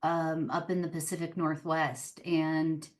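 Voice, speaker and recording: A woman, an author and podcast guest, telling a personal story in casual interview chat, animated and full of fillers. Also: deep voice, a little slow. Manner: animated, chatty, many fillers like "like" and "um".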